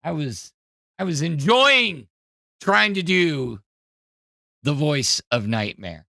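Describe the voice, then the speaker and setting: A man's voice: fairly high pitch, very animated, slow pace, gravelly, bright, forceful tone, dry recording. A man hosting a podcast, giving rambling, hesitant casual commentary with many fillers on a close mic. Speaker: podcast host.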